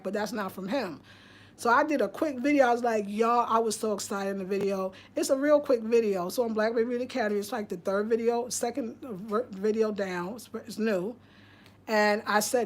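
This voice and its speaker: A woman's voice: on the high side, brisk, a little mellow. A woman from Albany with a New York accent, hosting a casual livestream and chatting loosely with viewers, often restarting and trailing off. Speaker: livestream host. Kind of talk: casual livestream chat reading viewer comments.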